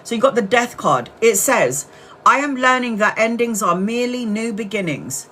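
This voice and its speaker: A woman's voice: on the high side, big pitch swings, moderate pace, bright, forceful tone, a little hiss or hum. A woman doing a casual live-stream tarot reading, blunt and chatty, with the odd swear word. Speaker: tarot reader.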